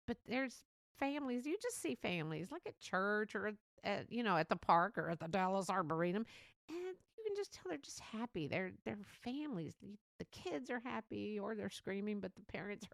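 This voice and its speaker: A woman's voice: mid-range voice, creaky, no echo, studio quality. A woman hosting her podcast, chatting in a rambling way, laughing often and acting out what people said. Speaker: podcast host. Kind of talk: casual monologue.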